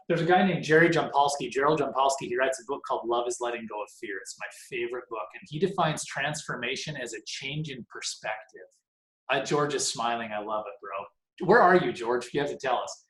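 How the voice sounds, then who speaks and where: A man's voice: medium pitch, a bit bright, echoey room, rough recording. A man in his forties leading a casual motivational team meeting on a video call, rambling and self-deprecating. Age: 40s.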